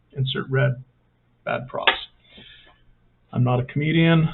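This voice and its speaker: A man's voice: medium pitch, fairly even intonation, slow pace, gravelly, long pauses, heavy background noise. A man hosting a casual step-by-step hobby tutorial, talking in a rambling way with self-mocking jokey asides. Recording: thin phone-like sound.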